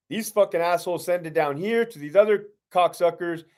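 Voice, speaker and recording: Blunt, foul-mouthed middle-aged man, pitched fairly high. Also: brisk, few pauses. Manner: blunt, heavily profane, streetwise slang. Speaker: former prison guard lieutenant hosting a live stream. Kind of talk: casual live-stream Q&A reading viewer questions.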